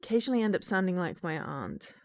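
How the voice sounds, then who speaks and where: A woman's voice: mid-range voice, very animated, fairly quick, a little mellow, slight background noise. A woman game streamer chatting casually and self-deprecatingly while playing, with lots of fillers and laughs.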